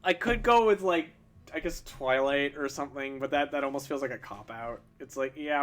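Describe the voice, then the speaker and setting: This streamer, a young man with a voice on the high side and a normal pace, draws while answering chat questions. His casual talk rambles and trips over restarts, punctuated by self-deprecating laughs, over faint background music.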